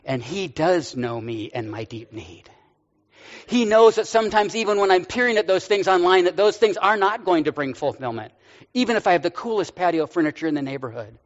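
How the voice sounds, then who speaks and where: A man in his sixties preaching a sermon, telling the story conversationally with light humor. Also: fairly high pitch. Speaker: pastor. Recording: dull audio with long hall reverb.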